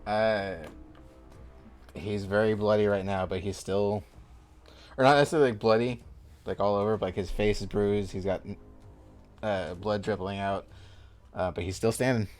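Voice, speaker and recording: Game master, man, low voice, casual combat narration, faint music behind. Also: fairly even intonation, normal speed, pauses often, a little mellow. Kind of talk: narrating a tabletop game live stream.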